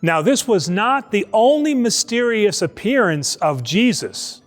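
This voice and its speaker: A priest telling a Bible story to children in a lively, conversational way, acting out the voices. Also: male voice, high voice, a little slow, big-room sound, soft background music. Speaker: priest teaching Sunday school. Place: church.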